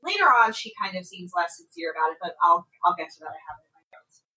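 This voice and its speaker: Bright-voiced woman recapping a reality show. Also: lowish voice, fast, far from the mic, poor audio. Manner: animated storytelling, acts out quotes, swears freely. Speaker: podcast co-host. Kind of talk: casual recap chat.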